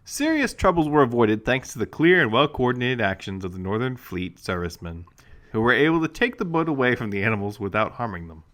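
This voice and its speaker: A man's voice: mid-range voice, sing-song, a little fast, a bit bright. A man co-hosting a comedy podcast, reading news stories aloud with wry asides. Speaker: podcast co-host.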